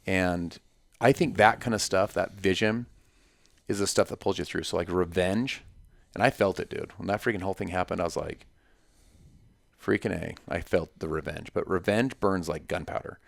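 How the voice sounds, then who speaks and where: A man's voice: low voice, normal speed, creaky, no room sound. A man talking as a podcast guest in casual conversation, emphatic and story-driven, with punchy repetitions.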